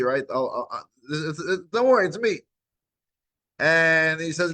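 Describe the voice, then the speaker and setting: A man's voice: on the high side, fast, rough recording. Man teaching a scripture class. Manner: retells scripture as lively dialogue, frequent restarts.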